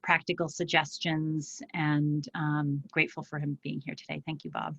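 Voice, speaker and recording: A woman hosting a webinar, softly thanking and introducing the speaker, with a few ums. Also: deep voice, little pitch movement, normal speed, gravelly, no room sound. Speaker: webinar host. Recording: dull, dry video call audio.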